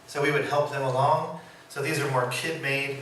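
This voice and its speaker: A man who works as a puppeteer, giving an informal, animated storytelling talk and laughing often as he acts out quotes. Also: mid-range voice, normal speed. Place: presentation room. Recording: echoey room, mic far, background noise.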